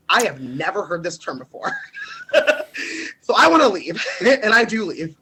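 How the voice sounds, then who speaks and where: A man's voice: high voice, lively intonation, fairly quick, bright, forceful tone, a little hiss or hum, rough recording. A young man from the United States telling stories animatedly on a podcast, laughing often and swearing freely. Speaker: podcast guest. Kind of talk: casual storytelling.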